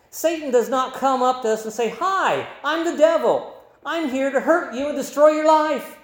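A man preaching a sermon, reading scripture aloud and explaining it in a measured teaching manner. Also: high-pitched, echoey room.

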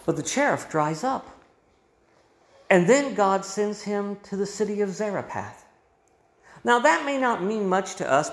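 A male pastor preaching a sermon with emphatic delivery, his voice swelling and dropping. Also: high voice. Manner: emphatic preaching with rising and falling volume. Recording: roomy echo.

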